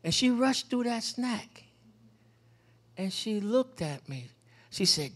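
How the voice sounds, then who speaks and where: Dad on a community panel, animated storyteller, repeats stuff for emphasis. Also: male voice, on the high side, unhurried. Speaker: panel guest, father and mentor.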